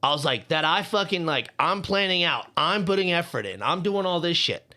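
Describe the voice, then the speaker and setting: A young man with a fairly high, sharp, animated voice speaks at normal speed while co-hosting a podcast. He launches into a heated, profane story about how much he hates Valentine's Day, a fired-up casual rant.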